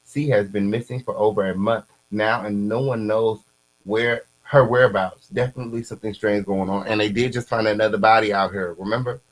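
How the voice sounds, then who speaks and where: Casual dude reading posts out loud, gets loud and squeaky when hyped, little hum behind. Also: male voice, fairly quick, rough recording. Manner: animated, repeats catchphrases, pitch jumps up when excited. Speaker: commentary host. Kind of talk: casual commentary reacting to posts.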